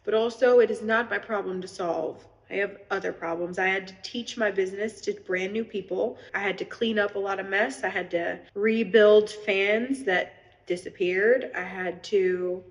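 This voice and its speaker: A woman's voice: medium pitch, steady tone, normal speed, in a large hall, low-quality recording. A woman talking tearfully in a rambling, earnest, preachy live video as an online seller. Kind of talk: emotional livestream monologue. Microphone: phone.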